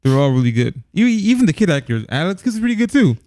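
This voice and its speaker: A man's voice: high-pitched, sing-song, fast, mellow, no room sound. A man co-hosting a casual movie review podcast, rambling with lots of restarts and laughs. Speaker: podcast co-host.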